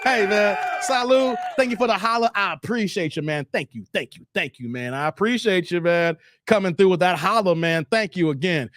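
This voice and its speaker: A man's voice: high voice, moderate pace, hardly any pauses, fairly bright tone, dry recording. A man hosting a casual livestream, reading viewer comments and teasing them playfully with slang. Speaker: livestream host.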